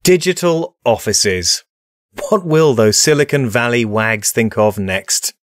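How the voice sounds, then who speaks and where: A man's voice: medium pitch, expressive, slow, dry recording, studio quality. A man hosting a comedy show with mock-formal, wry scripted narration.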